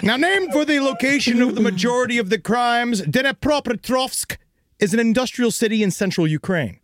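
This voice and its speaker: High, lively man narrating. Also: moderate pace, dry recording, studio quality. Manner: jokey, theatrical, laughs often. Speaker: podcast host and narrator. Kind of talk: comedic true crime podcast narration.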